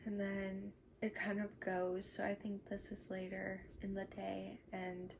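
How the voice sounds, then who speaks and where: Slow, gravelly woman recapping a book. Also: medium pitch, monotone. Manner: chatty retelling full of "like" fillers. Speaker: book reviewer. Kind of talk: casual chapter-by-chapter book recap. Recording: noticeable background noise.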